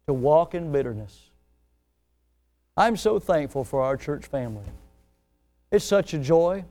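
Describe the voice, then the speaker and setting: A male pastor preaching a sermon, swelling in pitch and volume as he acts out the people he quotes. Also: a little mellow.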